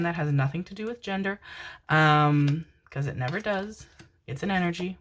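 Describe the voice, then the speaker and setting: A woman's voice: on the low side, fairly bright tone, a little hiss or hum. A young woman doing a pick-a-card tarot reading, affectionate and giggly, calling viewers her babies and swearing casually. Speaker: tarot reader.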